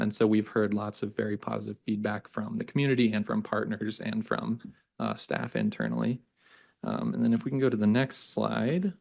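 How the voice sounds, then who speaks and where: A young man with a fairly low, gravelly voice walks a board through a quarterly report. He talks loosely and conversationally, and his sentences are full of ums and uhs. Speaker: communications staff presenting a report. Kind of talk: board meeting presentation. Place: meeting room.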